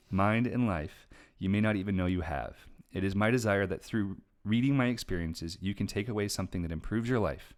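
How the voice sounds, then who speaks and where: A woman author and show host at home, reading her book aloud on a live stream and chatting between passages, earnest, quick, and quick to laugh. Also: very deep voice.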